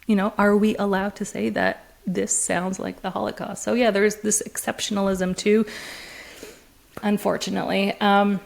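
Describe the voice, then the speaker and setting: A woman guest in a conversational interview, talking in an animated way with frequent laughs and restarts. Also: medium pitch, normal speed, creaky. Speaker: interview guest, discourse analyst.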